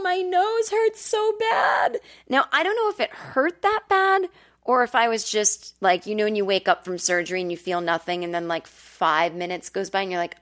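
Chatty woman host telling a story. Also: fairly bright tone. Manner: candid, chatty, swears freely, acts out quotes in a high whiny voice. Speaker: podcast host. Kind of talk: casual storytelling monologue. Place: temporary home in Brooklyn.

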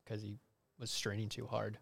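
A man talking as a podcast guest, calmly retelling a movie scene in casual chat. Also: fairly low pitch, moderate pace, creaky, husky.

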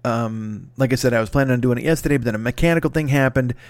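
A man's voice: mid-range voice, fast talker, no echo, studio quality. A man hosting his podcast, under the weather, rambling and swearing with many restarts in a casual solo announcement. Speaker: podcast host.

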